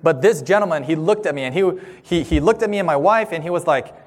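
A man in his thirties giving a sermon-style talk, telling a personal story with animated, acted-out voices. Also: fairly high pitch, fast. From Southern California. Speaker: speaker. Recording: long hall reverb.

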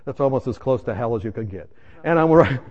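A man preaches a sermon testimony, recounting his own story emphatically and addressing the audience directly. His mid-range voice is lively in intonation, quick, and darkish, and the recording's highs are cut off.

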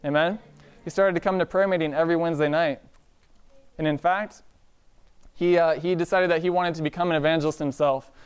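Male preacher, conversational storytelling, clear smooth voice, somewhat high pitch. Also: steady tone, a little fast, long pauses. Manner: conversational, calls out "Amen?" to the congregation. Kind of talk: storytelling sermon.

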